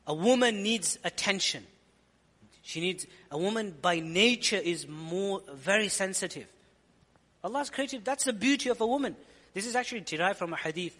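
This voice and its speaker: Bright-voiced male preacher in a reverberant hall. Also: high voice. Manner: earnest, explanatory, repeats phrases for emphasis. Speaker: Islamic preacher. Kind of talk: sermon lecture.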